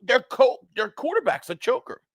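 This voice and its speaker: A man's voice: very high-pitched, normal speed. A man hosting a live sports reaction stream, reading viewer super chats aloud and ranting bluntly, with some swearing. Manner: excitable, blunt, ranting, profane.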